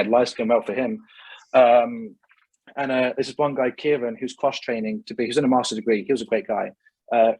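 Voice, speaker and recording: A man's voice: mid-range voice, darkish tone, breathy edge, no echo, rough recording. A man telling a story as a podcast guest, casual and blunt, swearing freely and tripping over repeated words.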